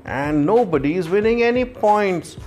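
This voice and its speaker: A man's voice: high voice, lively intonation, normal speed, darkish tone. A man telling a playful children's story in the manner of a boxing commentator.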